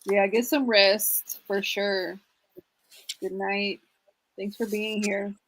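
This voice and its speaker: A chatty woman co-hosts a relaxed livestream. She laughs often and greets viewers by name in a casual, easygoing way. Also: mid-range voice, slow, poor audio. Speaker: livestream co-host.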